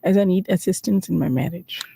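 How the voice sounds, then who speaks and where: A woman's voice: fairly low pitch, a little fast, vocal fry, dark tone, breathy edge, no room sound. A woman co-hosting a radio programme who makes brief interjections and reads listener messages aloud. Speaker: co-host reading listener messages.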